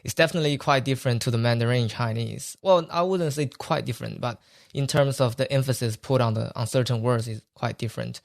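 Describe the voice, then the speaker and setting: A man's voice: mid-range voice, creaky, no echo. Dry, close podcast host, a man. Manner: brief backchannels, measured questions. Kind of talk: interviewer asking questions.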